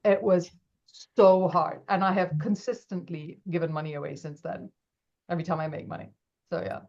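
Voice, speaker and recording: A woman, an interview guest, telling her story with animated energy and acting out the lines of people in it. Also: on the low side, moderate pace, vocal fry. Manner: animated, acts out quoted dialogue. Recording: dull lo-fi audio.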